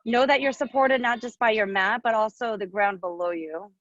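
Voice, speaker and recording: Calm woman leading yoga. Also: a little high, moderate pace, dry recording. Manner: calm, friendly, playful teacher cues. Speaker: yoga instructor. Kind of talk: guided yoga class over video call. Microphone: video call microphone. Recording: dull, lo-fi video call audio.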